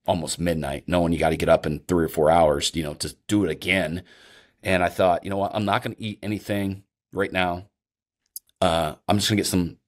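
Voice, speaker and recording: A middle-aged man hosting a casual podcast, telling an animated hunting story and acting out his own reactions with a bit of swearing. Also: deep voice. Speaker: podcast host.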